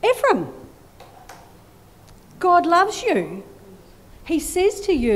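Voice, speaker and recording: A middle-aged woman giving a children's talk in a church service, animated and full of questions to the children. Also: extremely high pitch, drawn-out words, long pauses.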